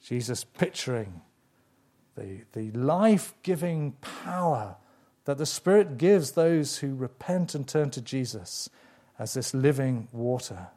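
A man delivering a sermon in a mellow, warm voice of middle pitch. He builds emphasis through repetition and drops into slow, deliberate pauses. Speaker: preacher.

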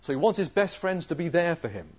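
A male preacher giving an expository sermon, asking rhetorical questions and swinging from loud emphasis to a hushed voice. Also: on the high side, very animated, fast. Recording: dull lo-fi sermon recording.

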